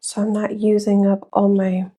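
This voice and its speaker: A woman's voice: mid-range voice, monotone, moderate pace, dark tone. A woman in her thirties chatting casually to her livestream viewers while she crafts in a small room at home, calling them y'all. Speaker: crafter and live seller.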